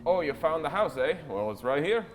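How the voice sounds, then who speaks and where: A man putting on a gruff, blustering merchant. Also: on the high side, very animated, fairly quick, slight background noise, pitched above the performer's own voice. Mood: friendly. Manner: blustering, shouts in alarm. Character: gruff suspicious male merchant, middle-aged. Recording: background music under voices.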